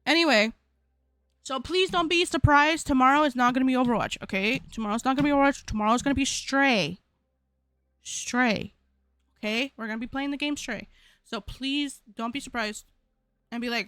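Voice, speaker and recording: A woman's voice: high-pitched, a little fast, a bit bright, no room sound. A young woman streamer chatting casually at the end of a stream, rambling and repeating herself as she talks to her chat.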